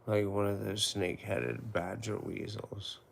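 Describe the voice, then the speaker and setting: Male streamer, late night at home: lowish, gravelly, lively pitch, rambling and soft-spoken with his pets. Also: unhurried, slight background noise. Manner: rambling, murmurs and half-whispers to his pets. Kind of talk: late-night casual livestream chat. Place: home at night, woods outside.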